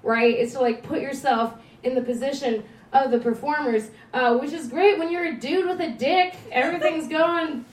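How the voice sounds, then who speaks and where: A woman in her twenties doing self-deprecating stand-up comedy, halting with fillers. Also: high-pitched. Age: 20s. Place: comedy venue, stage. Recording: echoey room recorded from a distance.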